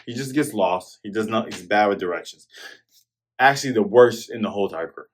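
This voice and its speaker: A man hosting a manga review show, retelling a chapter in a casual, excitable way and acting out the scenes as he goes. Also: lowish voice, brisk.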